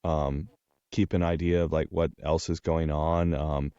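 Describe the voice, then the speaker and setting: Deep, hesitant male narrator. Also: little pitch movement, measured pace, mellow, clean tone, no echo, dull audio. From Texas. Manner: hesitant, many ums and uhs. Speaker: audiobook narrator. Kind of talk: casual interview chat.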